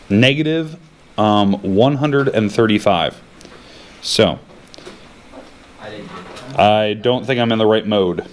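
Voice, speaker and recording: A man's voice: fairly low pitch, slight background noise. A young male teacher giving a casual math lesson in a classroom, thinking aloud as he works through problems.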